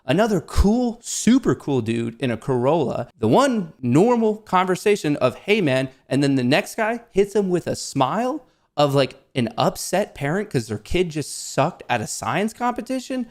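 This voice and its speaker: Animated man telling a funny story. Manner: animated, self-mocking, jumps high in pitch for emphasis; casual, swears freely. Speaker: host of a stock market show. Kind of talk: comedic personal storytelling.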